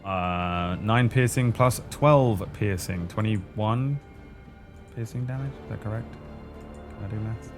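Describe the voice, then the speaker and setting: A man's voice: lowish voice, takes it slowly, over music. A man playing a tabletop game, talking casually and swearing freely. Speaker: player.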